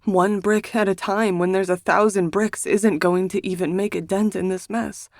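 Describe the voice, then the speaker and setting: A woman reading a first-person romance novel aloud in a hushed, emotional manner, as a scripted audiobook narration. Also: mid-range voice, steady tone, normal speed, no room sound, studio quality.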